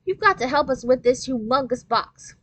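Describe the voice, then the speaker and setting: A woman's voice: high voice, animated, normal speed, dry recording, voice pushed up. A woman reading aloud, voicing a bossy young schoolgirl who shrieks and demands. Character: bossy young girl classmate, shrill.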